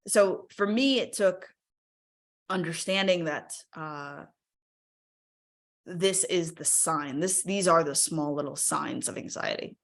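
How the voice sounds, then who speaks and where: Woman webinar speaker, slightly low voice, chatty and encouraging, lots of "right?" and "like". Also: measured pace, fairly bright tone. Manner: encouraging, invites audience to use the chat. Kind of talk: casual live webinar talk.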